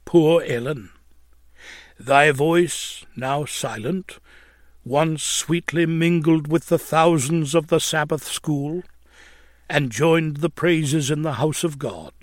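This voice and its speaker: A man's voice: a little high, slow, no echo, clean studio sound. A man narrating an old religious tract in a solemn, mournful, preaching manner, swelling at points of emphasis.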